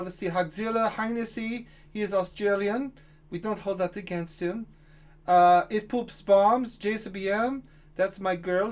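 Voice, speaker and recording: A man voicing a cranky, foul-mouthed male frog puppet who insults and boasts through a list of names. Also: sits high. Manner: insulting, boastful, rambling roll call.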